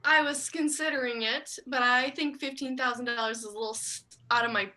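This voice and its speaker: Bright-voiced young woman joking around. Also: on the high side, fairly even intonation, a little fast. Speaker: co-host. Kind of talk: casual chat.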